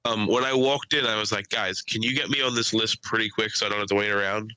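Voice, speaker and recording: Young man, casual podcast chat, crude humor, sharp bright voice, dry. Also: on the low side, steady tone, quick pace, smooth, no echo, rough recording. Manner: storytelling with crude jokes and voiced impressions. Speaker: podcast co-host.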